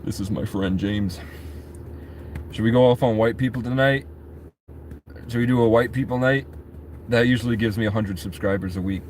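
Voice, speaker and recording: A man's voice: on the low side, normal speed, long pauses, noisy background. A man vlogging in casual, rambling chat, swearing freely and talking straight to his viewers. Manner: rambling, profane, talks to chat.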